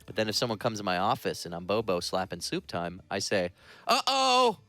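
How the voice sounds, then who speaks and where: Deadpan teasing man, low voice. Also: quick pace, soft background music. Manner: teasing, deadpan absurd jokes. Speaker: podcast co-host. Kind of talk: casual comedic banter.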